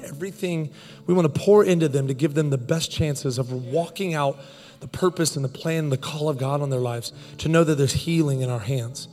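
A man in his thirties preaching a sermon, telling a funny story in animated, joking bursts. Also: fairly high pitch, big-room sound. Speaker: pastor.

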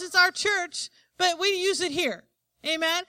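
Female preacher, very high forceful voice, emphatic sermon delivery, call-and-response. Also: unhurried, no room sound. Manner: emphatic, asks the congregation for "Amen?".

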